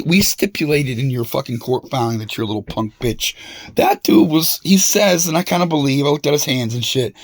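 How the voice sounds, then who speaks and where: A man's voice: mid-range voice, breathy edge, dry recording, clean studio sound. A man talking straight to the camera in a rambling, profane and confrontational monologue. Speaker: vlogger.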